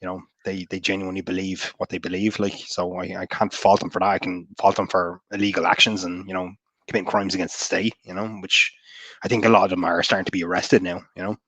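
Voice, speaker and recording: An Irish man speaks as a podcast guest, weighing his words and softening them with plenty of "like" and "you know". His voice is very low, and the recording is dry and close. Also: level tone, slightly rough, dry recording. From Ireland. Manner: measured, hedging, full of "you know" and "like". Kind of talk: casual podcast chat.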